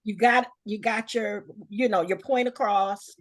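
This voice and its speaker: A woman's voice: mid-range voice, steady tone, a little slow, poor audio. A woman with a mid-range voice chimes in on a casual group chat. She agrees readily and sounds supportive, tripping over her first words before she finds her point. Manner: agreeable, supportive, stammers at starts. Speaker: co-host.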